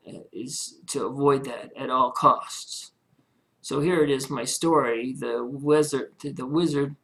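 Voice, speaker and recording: A man's voice: medium pitch, fairly bright tone. A man talking straight to camera in a personal video diary about his home-based marketing business, earnest and heartfelt, often rambling with filler words. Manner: earnest, rambling, many "you know" fillers; heartfelt, religious.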